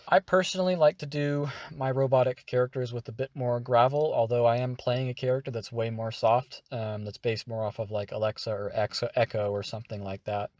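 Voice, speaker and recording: Energetic male tutor demonstrating techniques, dry close mic. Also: medium pitch, fairly quick, dry recording. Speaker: voice acting teacher. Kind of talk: tutorial explanation.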